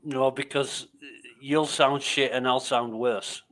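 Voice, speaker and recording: A man's voice: medium pitch, fairly even intonation, slow pace, a bit bright. A man with an English accent chatting as a livestream guest over a video call, tired and dry, with plenty of swearing. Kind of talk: casual chat.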